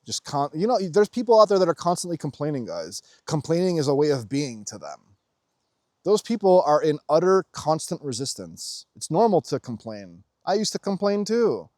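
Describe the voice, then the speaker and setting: A man's voice: mid-range voice, a little mellow, no room sound, studio quality. A man giving a blunt, profane spiritual talk to his viewers, jumping into mocking voices when he mimics others. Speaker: spiritual vlogger. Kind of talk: unscripted spiritual monologue.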